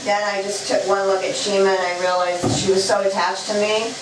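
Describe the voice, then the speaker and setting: A woman's voice: medium pitch, level tone, brisk, noisy background. A woman chatting casually to her camera while she bathes her cats at home, soothing them as she goes. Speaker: cat owner bathing her cats. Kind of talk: casual vlog narration. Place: bathroom at home, tub area. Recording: echoey bathroom, mic at a distance, running water.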